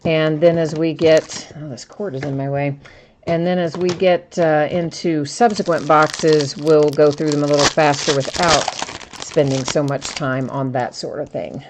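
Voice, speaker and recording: A woman with a low voice hosts a live card break from her table, chatting casually with viewers and greeting them by name. She explains the rules patiently and at length. Faint noise sits under her voice. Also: steady tone, measured pace. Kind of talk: casual live-stream chat. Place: indoors at a table.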